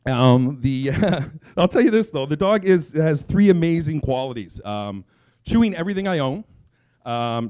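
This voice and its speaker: A man hosting a comedy night, telling an animated, sarcastic and profane stand-up story. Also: a little high. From raised by Italian parents. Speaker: comedy show host.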